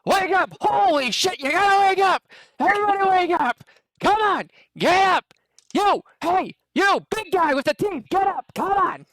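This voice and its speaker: A man voicing a talking magic axe that yells urgently to wake everyone. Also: very high voice, animated, moderate pace, no room sound, pitched above the performer's own voice. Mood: frantic. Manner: yelling, urgent. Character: frantic shouting magic axe.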